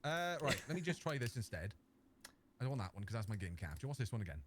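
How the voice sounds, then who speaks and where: Jokey Welsh male guest, wildly animated pitch, laid-back banter. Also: fast, slight background noise. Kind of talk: casual live-stream chat.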